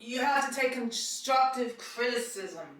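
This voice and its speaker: A woman's voice: fairly high pitch, unhurried, a bit bright, distant mic. Chatty New York woman in an echoey room. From Queens, New York. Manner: chatty, laughs often, acts out quotes. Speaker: actress telling stories. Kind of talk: casual storytelling monologue.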